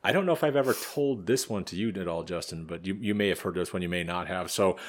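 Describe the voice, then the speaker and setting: A man's voice: low-pitched, quick pace. A man hosting a podcast, telling an anecdote in casual chat and swearing freely. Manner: animated storyteller, swears freely. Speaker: podcast host.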